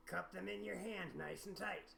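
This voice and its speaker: Coaxing guy at a game table, bright edgy tone, super creaky. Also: high voice, moderate pace, slight background noise. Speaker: player. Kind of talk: playing a tabletop game in character.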